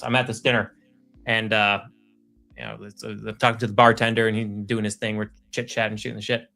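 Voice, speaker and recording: A man co-hosting a casual live stream, telling animated anecdotes and laughing as he talks. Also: on the low side, vocal fry. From United States. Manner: animated anecdote teller, laughs while talking. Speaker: co-host.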